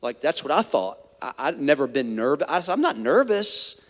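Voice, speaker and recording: A man's voice: medium pitch, expressive, fairly quick, long reverb tail. A man, a pastor, telling a personal story in a sermon, candid and conversational with many asides.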